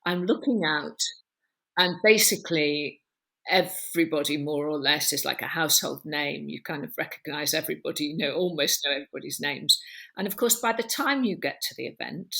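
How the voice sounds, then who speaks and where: A woman hosting a podcast interview, talking in an animated, emphatic way and piling up descriptions. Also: deep voice, brisk, creaky. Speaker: podcast host. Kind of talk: conversational interview.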